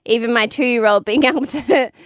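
A woman's voice: fairly high pitch, normal speed, no room sound, clean studio sound. A young woman hosting a podcast, talking in an earnest, rambling way. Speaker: podcast host. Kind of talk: casual chat.

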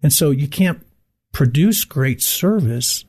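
A man's voice: a little high, slow, breathy edge. A middle-aged man from Michigan, a guest in a casual interview, telling stories and acting out the people he quotes. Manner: storytelling, animated when quoting others.

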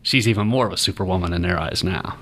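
A man's voice: low voice, fast talker, a bit bright, slight background noise. A man hosting an interview podcast, talking in a reflective, conversational way. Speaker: podcast host. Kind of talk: interview and sponsor read.

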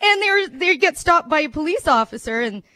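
A woman with a fairly high voice performs a shaky stand-up routine. She giggles nervously, trails off and mocks her own jokes as she rambles on. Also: expressive, fairly quick, pushed and bright, no echo. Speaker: radio host doing stand-up. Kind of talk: nervous amateur stand-up set.

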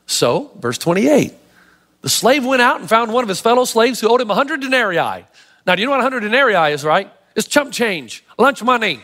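High-voiced pastor preaching in a hall. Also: male voice, a little fast. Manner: animated storytelling, emphatic. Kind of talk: sermon. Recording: long hall reverb.

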